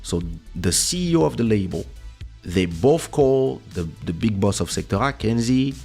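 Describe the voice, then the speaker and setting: Low-voiced man telling an animated story. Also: moderate pace, vocal fry, soft background music. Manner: animated, acts out quoted speech with big pitch jumps. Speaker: podcast host. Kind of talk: casual storytelling. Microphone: studio microphone.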